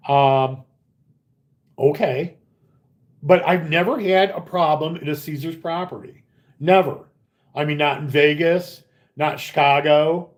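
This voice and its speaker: Animated swearing slot-channel host, lively pitch. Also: male voice. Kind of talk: casual live-stream chat. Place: casino upstairs area.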